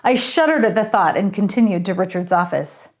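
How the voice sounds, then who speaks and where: A woman, an author, reading her novel aloud in an expressive, lively way. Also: medium pitch, brisk.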